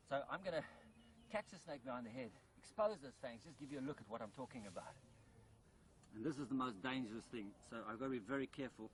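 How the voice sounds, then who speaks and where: A man's voice: medium pitch, poor audio. Male wildlife presenter, keen and explanatory, recorded outdoors with a faint background hiss. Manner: enthusiastic, explains while handling a snake.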